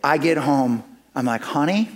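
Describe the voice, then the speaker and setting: Slightly high-voiced man telling a sermon story. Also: a little slow. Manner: animated, acts out dialogue with humor. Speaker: pastor. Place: church.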